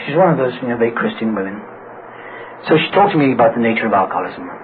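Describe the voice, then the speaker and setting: A man's voice: medium pitch, racing. A middle-aged man speaking at a recovery meeting, telling his own story with humor and acting out the voices of people he quotes. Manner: animated, acts out quoted voices. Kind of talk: humorous personal storytelling talk. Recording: tinny phone-like old recording with hiss.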